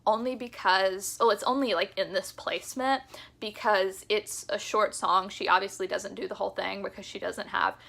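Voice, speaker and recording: A young woman vlogging in a casual, enthusiastic chat to camera, talking fast and laughing often. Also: medium pitch, steady tone, vocal fry, a bit bright. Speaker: music vlogger.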